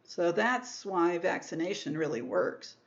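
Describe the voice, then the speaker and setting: A woman's voice: fairly low pitch, big pitch swings, a little slow, highs cut off. A woman giving a recorded microbiology lecture, explaining step by step and rephrasing herself. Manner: explanatory, repeats and rephrases terms, self-corrects.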